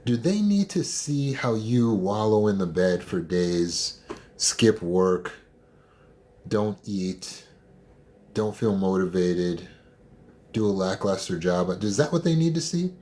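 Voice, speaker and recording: A man's voice: lowish voice, lively intonation, takes it slowly, dark tone. A man coaching listeners through trauma recovery in a blunt, emphatic, direct motivational talk.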